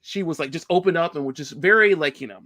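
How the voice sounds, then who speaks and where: A man who works as a game developer, telling stories in a casual podcast hangout with excitable, animated delivery. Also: on the high side, fast, no echo.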